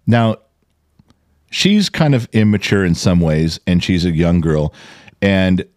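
Speaking slowly in a low voice, a male podcast co-host spins a story during a casual chat. The recording is clean studio sound without echo. He's animated and foul-mouthed, cursing often and performing other people's quotes at full volume.

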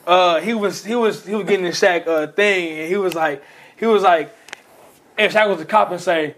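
A man's voice: high voice, moderate pace. A young man in casual chat, telling stories with lots of laughter. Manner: animated storyteller, laughs often.

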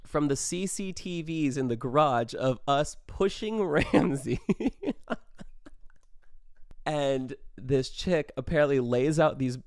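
A man's voice: medium pitch, a little mellow, clear, resonant tone, dry recording, clean studio sound. Laughing young man telling a story. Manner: laughs through his story, swears freely, lots of "like". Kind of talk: casual storytime.

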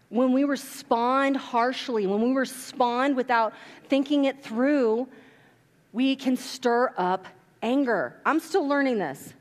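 A woman pastor preaches from the pulpit, telling stories and acting out the people in them. Her voice sits fairly high. It rings with the long reverb of a church hall. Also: slow pace. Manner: animated storytelling, acts out quotes. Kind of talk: sermon. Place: church sanctuary.

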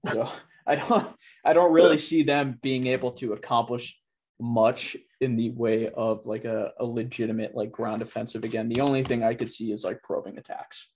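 A man talking in a loose, casual way, full of fillers like "like" and "you know", in a relaxed discussion. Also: mid-range voice, moderate pace.

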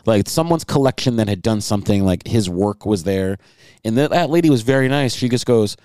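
A man's voice: lowish voice, expressive, brisk, dark tone, clear, resonant tone, dry recording, studio quality. A young man co-hosting a podcast in casual chat, rambling, swearing often and acting out quotes. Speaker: podcast co-host.

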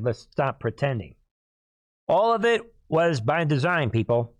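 A hoarse, mid-range-voiced man hosts an emphatic political commentary monologue, repeatedly clearing his throat and addressing listeners as "people." There's no room sound.

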